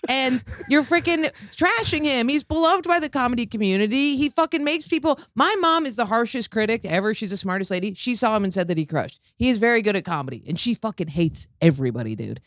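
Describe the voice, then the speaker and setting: A woman hosting a comedy podcast, telling stories in a profane, animated way. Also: on the high side, fast talker, few pauses, no echo, clean studio sound. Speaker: podcast host. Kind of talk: casual comedic chat. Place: podcast studio.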